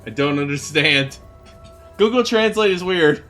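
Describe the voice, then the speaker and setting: A man's voice: on the high side, animated, a bit bright, soft background music. A man streaming a game, reading chat messages aloud and asking questions. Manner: slow, reads chat aloud.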